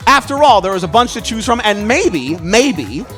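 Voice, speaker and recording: A man performing a mentalist show live for an audience, calling out numbers with quick, lively patter. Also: sits high, faint music behind. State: out of breath. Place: cruise ship show venue.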